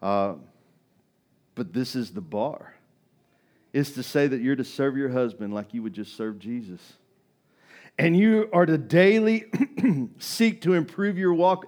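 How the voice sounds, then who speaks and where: A middle-aged man preaching a sermon as pastor, conversational, often asking "right?" and swinging between loud and quiet. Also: medium pitch, sing-song, unhurried, pauses often. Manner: conversational, rising and falling in loudness, tag questions.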